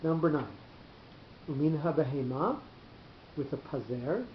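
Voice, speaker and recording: A man teaching a class, explaining patiently and slowly with frequent pauses. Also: fairly high pitch. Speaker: teacher of Torah cantillation. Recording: roomy, dull, slightly noisy recording.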